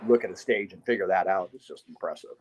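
A man, a guest on a podcast interview and a marksmanship instructor, telling casual stories with lively sound effects and frequent laughs. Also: sits low, fast, background noise.

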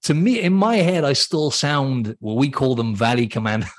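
A man's voice: mid-range voice, moderate pace. A man from Wales with an accent mixing Welsh and Australian, chatting casually as a podcast guest and laughing easily. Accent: Welsh mixed with Australian. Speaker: podcast guest, fitness coach. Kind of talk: casual interview chat.

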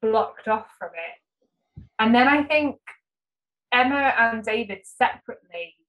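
Animated, self-deprecating woman podcast guest. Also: a little high, measured pace, rough recording. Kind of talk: casual conversational interview.

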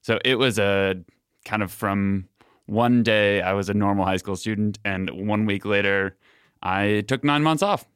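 A young man tells his story on a casual podcast in a plain, matter-of-fact way. His voice is low and smooth, recorded close and dry. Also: measured pace, fairly bright tone, dry recording. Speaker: guest. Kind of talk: casual interview chat.

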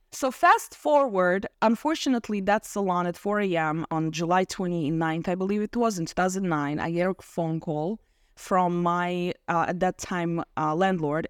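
A woman around forty, a podcast guest, telling her story in a lively chat and acting out quotes. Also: lowish voice, no echo, clean studio sound. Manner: animated, acts out quotes with laughs. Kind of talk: casual storytelling interview.

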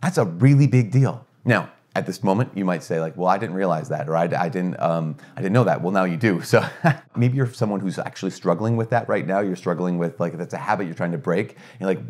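Speaking a little fast and low-pitched, this middle-aged priest delivers an earnest, energetic teaching in a conversational style. Rhetorical questions and frequent restarts run through his talk.

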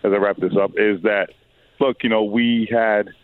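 A hoarse man with a raspy voice, a sports reporter on a phone-in radio interview, thoughtful and hesitant with many fillers and restarts. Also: on the low side, steady tone, moderate pace, dry recording. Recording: phone line.

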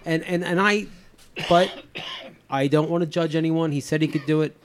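A man's voice: a little high, steady tone, normal speed. Rambling middle-aged man hosting. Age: 50s. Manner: rambling, many restarts and fillers. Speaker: podcast host. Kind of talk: casual chat.

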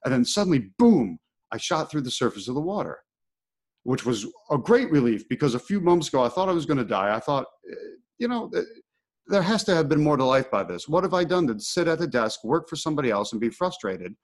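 A man's voice: a little high, sing-song, brisk. A middle-aged man hosting a podcast, telling a personal story in casual conversation and acting out his own thoughts with animation. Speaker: podcast host.

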